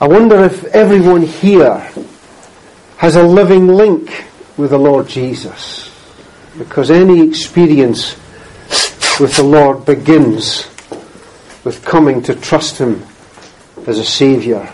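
A man preaching in a slow, deliberate cadence with a mellow, dark tone. He reads scripture plainly and earnestly, pausing to clear his throat and cough. The sermon unfolds unhurried. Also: a little high, poor audio.

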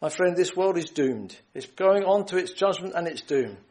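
A man preaching a gospel sermon, earnest and pleading, quoting scripture and often repeating phrases and clearing his throat. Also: high voice, animated, moderate pace, a little mellow, low-quality recording.

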